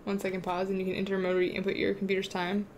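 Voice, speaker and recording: A young woman fires off rapid speech at medium pitch while streaming a game, with a little hiss or hum behind her. Excitable and freely swearing, she banters casually and responds to her chat.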